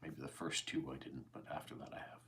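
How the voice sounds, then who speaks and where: A man in his forties with a Canadian accent, chatting calmly and easily with viewers during a live stream. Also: extremely low pitch, gravelly, a little hiss or hum. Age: 40s. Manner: calm, easygoing, unhurried. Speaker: YouTube host. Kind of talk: casual livestream chat answering viewer comments.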